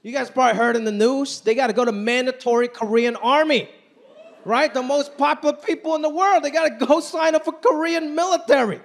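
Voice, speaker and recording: A man doing stand-up, animated and laughing through his lines, with loud impressions. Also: extremely high pitch, a little fast, vocal fry. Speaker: stand-up comedian. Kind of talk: stand-up set.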